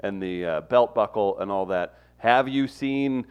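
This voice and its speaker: A man co-hosting a casual chat, joking and throwing in quick impressions. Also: lowish voice, clean tone, highs cut off. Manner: joking, imitates surfer drawl in asides.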